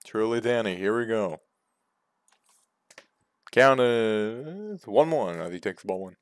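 Excitable play-by-play man, dry close mic. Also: lowish voice, takes it slowly, dry recording. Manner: jumps from calm calls to loud excited yells. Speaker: play-by-play announcer for a video game league.

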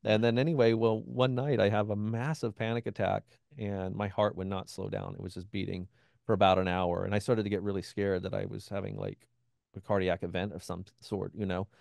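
Gravelly low-voiced man telling a story. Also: level tone, a little fast, darkish tone, dry recording, clean studio sound. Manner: acts out quoted voices of others; frequent "you know" and restarts. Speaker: interview guest, benzodiazepine withdrawal expert. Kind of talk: conversational personal storytelling.

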